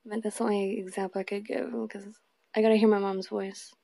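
A woman's voice: mid-range voice, little pitch movement, a little fast, creaky, mellow. A woman in her late twenties co-hosting a casual couple podcast, giggly, playful and candid. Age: late 20s. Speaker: podcast co-host.

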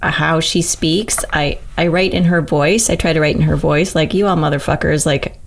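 Low-voiced woman songwriter, candid and salty. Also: steady tone, moderate pace, gravelly. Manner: candid and profane, laughs often, talks through ideas aloud. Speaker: singer-songwriter guest. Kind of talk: casual interview chat.

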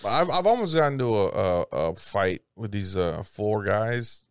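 A man in his thirties telling a profane, animated story in casual chat, acting out the voices of the people in it. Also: fairly low pitch, moderate pace, clean tone, dry recording, clean studio sound.

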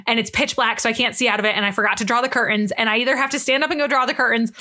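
A young woman co-hosting a podcast, telling a story in an animated, casual way, swearing freely and acting out the quotes. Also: on the high side, racing. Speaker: podcast co-host.

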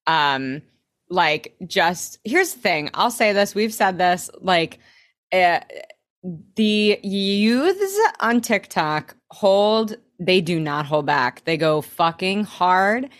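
A woman's voice: on the low side, expressive, slow pace. A young woman co-hosting a podcast, rambling and swearing through a casual episode recap with plenty of laughs. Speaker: podcast co-host.

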